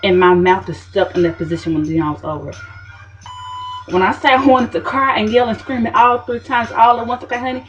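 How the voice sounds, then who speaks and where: A woman's voice: a little high, brisk, highs cut off, a little hiss or hum. A woman telling a story to camera in a sassy, dramatic diva manner. She keeps tossing in "okay, honey.". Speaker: vlogger.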